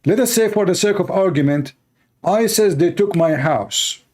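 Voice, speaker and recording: A man's voice: high voice, lively intonation, normal speed, a little mellow. A man with Arabic as his first language, giving scornful, heated commentary on a video clip in broken English.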